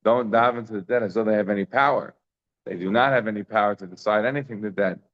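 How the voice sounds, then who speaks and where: A man's voice: lowish voice, fast talker, lo-fi sound. A man giving a daily Talmud lesson, emphatic and full of rhetorical questions, mixing in Hebrew and Yiddish terms. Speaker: Talmud teacher.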